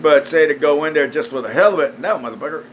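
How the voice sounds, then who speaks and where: A man's voice: fairly high pitch, quick pace, a little hiss or hum, low-quality recording. Foul-mouthed man ranting scornfully. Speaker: video ranter. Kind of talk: angry profane rant.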